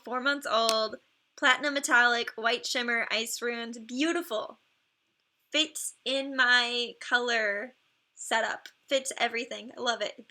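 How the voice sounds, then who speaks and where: A woman's voice: on the high side, pushed and bright. A woman streamer in casual live-stream commentary, chatty and effusive, gushing praise and laughing often between remarks.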